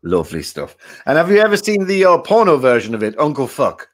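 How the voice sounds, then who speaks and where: A man's voice: on the high side, wildly swooping pitch, brisk. A man doing a jovial old dead game-show host. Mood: chummy. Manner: chummy, rambling, self-mocking banter. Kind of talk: comic improvised game show.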